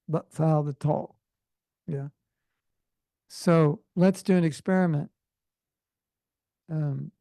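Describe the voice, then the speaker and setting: A Californian man teaches a devotional class in an easygoing, conversational way, dropping joking asides. His voice sits a little high but sounds dark and mellow, with a rough, gravelly texture. The sound is dry and close, with little room echo. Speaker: spiritual teacher.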